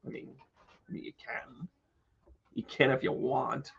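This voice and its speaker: A man's voice: mid-range voice, level tone, measured pace, gravelly, a bit bright, slightly rough, dull audio. A man hosting an astrology live stream, chatty and joking, talking to his viewers by name. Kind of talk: casual live stream chat.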